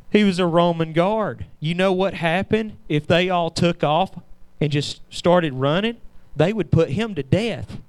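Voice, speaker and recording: A man's voice: on the high side, dry recording, low-quality recording. A man preaching a fervent sermon in a church, calling out to the congregation.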